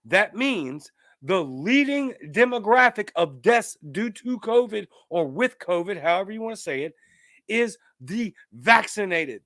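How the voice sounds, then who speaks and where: A man's voice: sits high, big pitch swings, measured pace, a bit bright, no room sound, studio quality. A man hosting a political commentary show, ranting emphatically and reading out viewer comments. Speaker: host.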